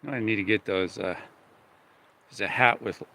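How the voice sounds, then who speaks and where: A man's voice: fairly low pitch, fairly quick, creaky, pushed and bright. A man vlogging outdoors in a forest, talking casually and rambling with lots of fillers. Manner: rambling, easygoing, many fillers.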